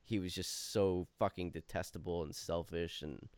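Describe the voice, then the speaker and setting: A man with a smooth, resonant, fairly low voice, talking on a podcast about a TV show. He is opinionated and animated and swears freely. The sound is dry and close, with no room in it. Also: moderate pace, dry recording. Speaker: podcast co-host. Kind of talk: casual chat discussing a TV show.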